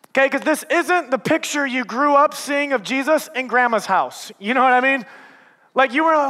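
High-voiced, bright male preacher in a hall. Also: moderate pace. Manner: animated, laughing, acts out voices. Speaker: pastor. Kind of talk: sermon with storytelling. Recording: reverberant hall.

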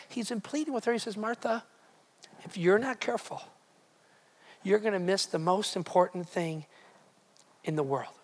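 A man's voice: high voice, animated, normal speed, long pauses. A man preaching a sermon as pastor, emphatic, often repeating words and asking the congregation direct questions.

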